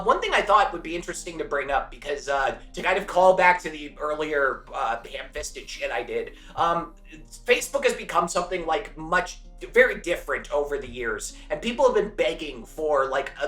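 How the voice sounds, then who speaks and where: A podcast co-host in a casual film discussion, chatty and quick to laugh while telling behind-the-scenes stories. The voice is bright and forceful. The room is echoey, with faint music behind. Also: medium pitch, animated. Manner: chatty storyteller, laughs easily, swears.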